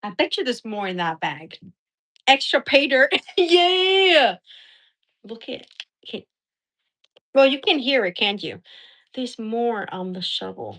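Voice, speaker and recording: A woman's voice: mid-range voice, expressive, slow, pauses often, sharp tone. A woman hosting a casual live stream, chatting and rambling through stories as she shows her gear.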